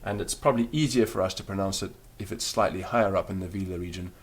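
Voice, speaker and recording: A man's voice: deep voice, fast. A man teaching a recorded beginner language lesson, explaining patiently and demonstrating the sounds aloud.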